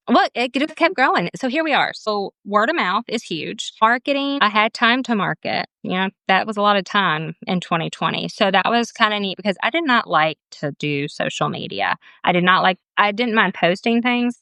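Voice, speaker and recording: In a casual interview, a woman who works as an esthetician and runs her own business tells stories in a medium-pitched voice with no room sound. She's chatty and laughs a lot, quoting other people in lively asides, and she describes herself as camera shy.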